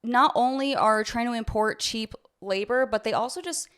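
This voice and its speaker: A fairly high-voiced woman vlogger from the United States delivers a fired-up commentary straight to her audience. She sounds opinionated and sarcastic throughout. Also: moderate pace, fairly bright tone, clean tone. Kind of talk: ranting commentary to camera.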